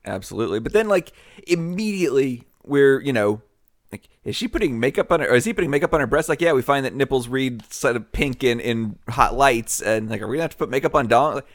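A man's voice: mid-range voice, animated, fast talker, no echo, clean studio sound. A man co-hosting a casual podcast chat, joking and laughing often as he recaps a TV show. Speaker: podcast co-host.

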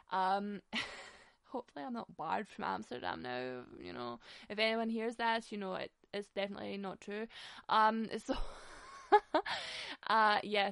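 Young woman rambling through a story, swears a lot, bit of vocal fry, dry close sound. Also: medium pitch, a bit bright, dry recording. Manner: chatty, swears a lot, laughs often. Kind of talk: casual storytelling monologue.

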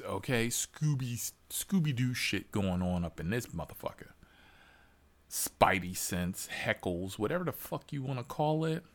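Man, low voice, wide pitch swings, slow delivery, profane rant to followers. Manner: animated, profane, emphatic. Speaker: military veteran driver telling a story.

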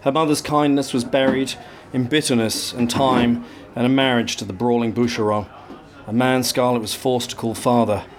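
Brief: male reader, measured, lyrical fairy-tale delivery, mid pitch. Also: steady tone. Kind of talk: live reading of a fairy-tale retelling.

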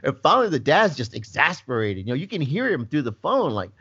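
A man's voice: a little high, racing, few pauses, husky, muffled recording. A man who works as a paramedic, casually telling a work story on a podcast and laughing often as he acts out the people in it. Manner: animated, laughs often, acts out voices in his stories.

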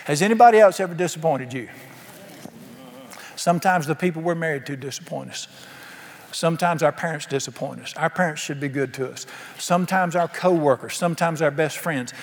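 A man's voice: fairly high pitch, fairly quick. A man preaching a sermon emphatically, asking his congregation questions. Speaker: pastor. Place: church sanctuary. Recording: long hall reverb.

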